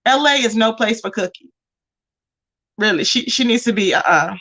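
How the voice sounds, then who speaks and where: A chatty woman with a fairly high voice talks casually to her livestream viewers. She reads out comments and keeps calling them y'all and baby in an animated, conversational way. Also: moderate pace.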